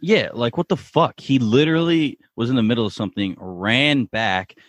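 A man co-hosting a podcast, recapping a TV episode in excitable casual chat, full of "like" and the odd swear. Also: medium pitch, normal speed, dry recording, muffled recording. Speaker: podcast co-host.

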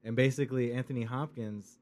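A man's voice: medium pitch, fairly even intonation, a little fast, a little mellow. A young man co-hosting a podcast, chatting casually about movies in a laid-back, rambling way with lots of swearing and fillers. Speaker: podcast co-host.

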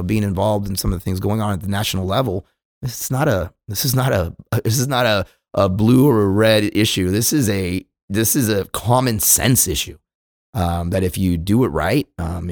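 Earnest man with a dry low voice. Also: darkish tone, no room sound. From California. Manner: earnest, repeats words when starting sentences. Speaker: police chief. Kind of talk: interview answers on a podcast.

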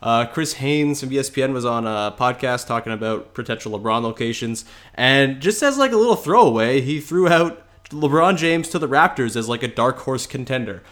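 A man's voice: mid-range voice, lively intonation, moderate pace, a bit bright. A young man hosting a casual sports podcast, congested with a cold and talking in loose, filler-heavy sentences. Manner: chatty, many fillers and restarts. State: stuffy nose from a cold. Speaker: podcast host.

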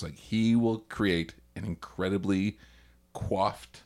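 A man telling mock-serious, deadpan improvised stories on a comedy podcast. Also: lowish voice, slow. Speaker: improv comedian playing a guest.

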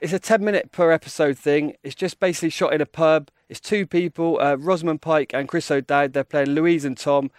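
A man's voice: a little high, fairly quick, few pauses, no room sound, clean studio sound. Enthusiastic male reviewer. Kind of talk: casual review chat.

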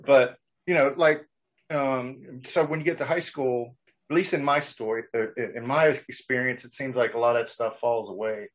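A man's voice: mid-range voice, normal speed. A man in a casual chat, talking bluntly and with profanity about being picked on at school. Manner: blunt and profane, laughs along.

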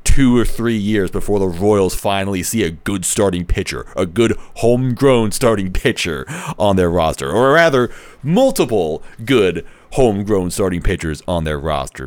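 A man's voice: mid-range voice, clear, resonant tone, dry recording. A man giving a casual solo talk as a baseball fan commentator, rambling, correcting himself and joking wryly. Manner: rambling, self-correcting, wry. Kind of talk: casual solo sports podcast.

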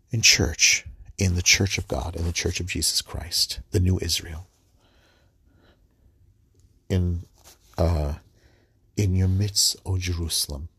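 Very deep gravelly-voiced man preaching. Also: fairly bright tone, dry recording. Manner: halting, repeats words and restarts, earnest. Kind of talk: devotional podcast reflection and scripture reading.

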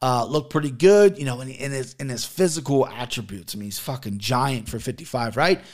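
A man's voice: medium pitch, fairly quick. A man talking casually as a host reviewing fight results, blunt, profane and rambling, with plenty of fillers. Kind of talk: casual chat.

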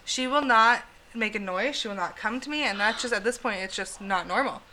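A woman co-hosting a casual podcast chat, telling a story in an animated way, swearing freely and laughing as she goes. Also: fairly high pitch, fairly quick, slight background noise, poor audio.

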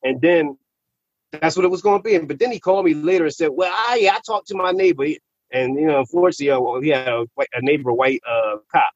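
A man telling a personal story in casual, profane slang, animated and repeating words when he gets worked up. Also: on the high side, fast talker, dry recording. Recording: slightly muffled recording.

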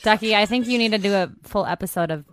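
A woman joining a casual podcast chat with playful, quick reactions. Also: medium pitch, a little hiss or hum. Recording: music playing clearly behind.

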